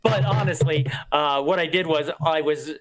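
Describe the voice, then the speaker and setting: Comedy podcast co-host, a man with a slightly high voice and a dry, rambling delivery. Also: normal speed, a bit bright. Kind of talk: casual comedic chat.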